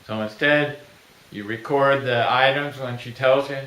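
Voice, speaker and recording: A middle-aged man pitching his own invention in a plain, folksy way, acting out little everyday scenes. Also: fairly even intonation, a little slow, fairly bright tone. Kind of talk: product pitch video. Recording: echoey room.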